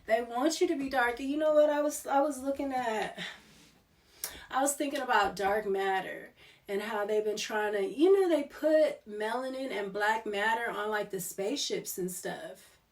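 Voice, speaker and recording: A woman's voice: on the high side, moderate pace. A woman giving a casual tarot reading, talking in a rambling, digressive way. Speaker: tarot reader. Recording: voice distant from the mic.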